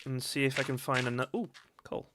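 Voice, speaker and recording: A man's voice: medium pitch, steady tone, a little fast, noisy background. A man giving casual, self-mocking commentary while playing a game. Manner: chatty and self-mocking, laughs often. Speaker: gaming streamer.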